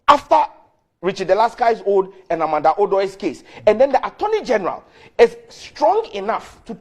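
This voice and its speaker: A man arguing hard in a heated live TV debate, emphatic and quick to interrupt. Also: high voice, a little mellow. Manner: combative, emphatic, interrupts often. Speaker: member of parliament.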